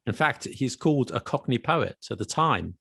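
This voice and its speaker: A man's voice: medium pitch, lively intonation, moderate pace, gravelly, a bit bright, husky, no echo, studio quality. A man co-hosting a podcast, explaining things with patient examples in casual chat. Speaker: podcast co-host. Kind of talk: casual chat about accents.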